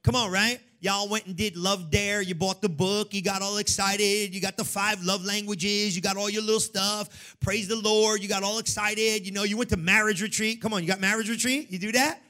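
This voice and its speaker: A man preaches to his church with a high, ringing voice. He calls out to the congregation and drops to a hush before rising back into loud, sing-song exhortation. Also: steady tone, moderate pace, few pauses. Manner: call-and-response preaching, swings from hushed to shouting. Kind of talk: energetic sermon.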